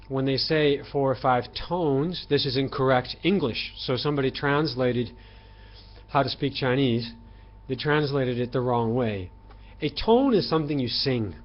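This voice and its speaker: A man giving an opinionated online language lesson, talking emphatically with throat clearing and fillers. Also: lo-fi sound. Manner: voices tones with sudden loud highs and quiet lows. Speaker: language teacher.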